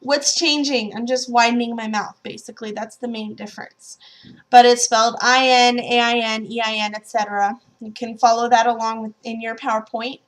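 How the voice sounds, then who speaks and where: A woman's voice: a little high, fairly even intonation. A woman teaching French pronunciation, modeling nasal vowels and having learners repeat drill words after her. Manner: slow, demonstrates sounds and repeats drills. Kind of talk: language lesson.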